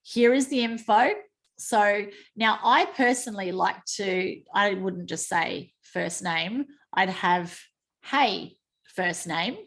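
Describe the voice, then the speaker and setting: Australian woman, call host, chatty, laughs off her own mistakes, mid-pitch voice. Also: steady tone, takes it slowly, a bit bright. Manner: chatty, self-mocking, exclaims over slips. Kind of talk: screen-share training call. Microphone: video call.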